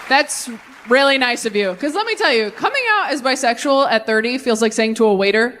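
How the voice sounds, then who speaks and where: A woman's voice: fairly high pitch, lively intonation, brisk, noisy background. A woman in her thirties doing a brutally honest, self-deprecating stand-up set into a handheld mic on a comedy stage. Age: 30s.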